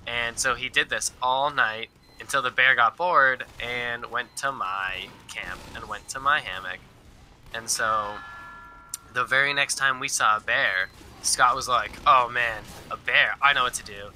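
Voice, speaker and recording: Young male storyteller, loose and rambling, bright voice, faint background noise. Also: mid-range voice, a little slow. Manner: rambling, filler-heavy, quotes people. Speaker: storyteller guest. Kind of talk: casual storytelling.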